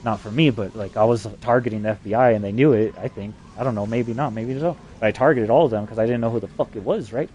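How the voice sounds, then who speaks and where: A man talking in a rambling, heavily profane monologue that climbs higher when he gets worked up. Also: quick pace, few pauses, a little hiss or hum. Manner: excitable, voice climbs when agitated.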